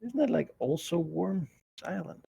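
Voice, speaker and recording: A tired man with a gravelly, husky voice, chatting in a relaxed way at a slightly raised pitch. His sentences often trail off, and the sound is dry and close. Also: moderate pace, dry recording. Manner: relaxed, low-key, trails off. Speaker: player in an online tabletop game. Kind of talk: casual chat.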